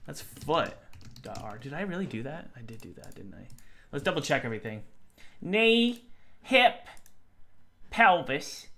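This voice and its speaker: Young man, game developer live stream, thinks aloud, bright voice, lively pitch. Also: a little hiss or hum. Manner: self-talking, thinks aloud, chatty with chat. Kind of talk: casual live-stream talk while working.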